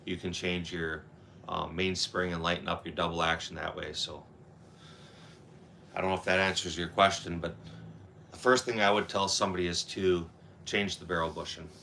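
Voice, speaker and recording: A man's voice: low-pitched, steady tone, normal speed, gravelly, pauses often, sharp tone, slight background noise. A man from Wisconsin with a Wisconsin accent, congested and with a sore throat, chatting casually on a livestream and reading out viewer comments. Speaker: livestream host. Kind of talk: casual live-stream chat.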